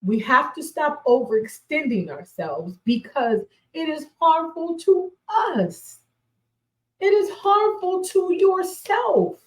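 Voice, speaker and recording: A woman's voice: high voice, expressive, slow pace, echoey room, low-quality recording. A woman in her forties hosting a radio show, giving casual motivational talk, emphatic and repeating herself, laughing often. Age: 40s.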